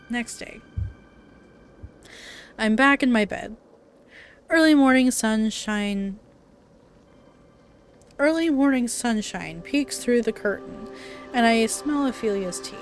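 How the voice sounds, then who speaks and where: A woman playing a visual novel, reading the story aloud with dramatic narration and dropping into casual asides. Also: a little high. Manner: dramatic read-aloud broken by chatty asides and laughs. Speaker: let's play player.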